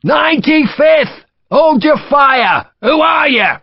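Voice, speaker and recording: A man's voice: on the high side, fairly even intonation, normal speed, dry recording, lo-fi sound, pitched above the performer's own voice, lightly acted. A man doing a terse English rifle officer. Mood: shouting.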